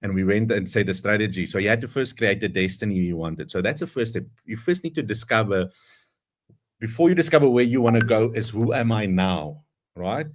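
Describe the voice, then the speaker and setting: A man speaks in a fairly low voice, delivering a motivational speech with earnest conviction. He tells a story as he goes and leans hard on the phrases he wants to land. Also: expressive, fairly quick. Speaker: guest speaker.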